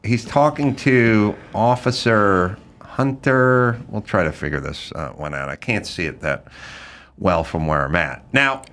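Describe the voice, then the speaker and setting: Lively, bright-voiced man ranting. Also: fairly low pitch. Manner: blunt, profane, riffing with quick mock impressions. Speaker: podcast host. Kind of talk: casual comedic rant.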